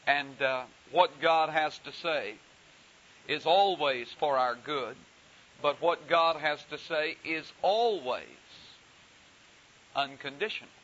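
A man preaching a sermon, telling a story slowly and deliberately with frequent pauses. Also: on the high side, fairly bright tone. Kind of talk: sermon with anecdote. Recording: dull hissy recording.

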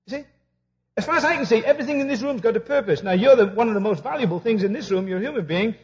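A man's voice: sits high, animated, racing, a little mellow. A man preaching a humorous sermon who tells stories and acts out both sides of conversations. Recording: dull lo-fi recording.

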